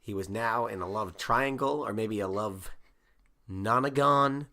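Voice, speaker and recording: A man co-hosting a comedy podcast, improvising a story aloud with halting restarts and fillers. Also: lowish voice, sharp tone.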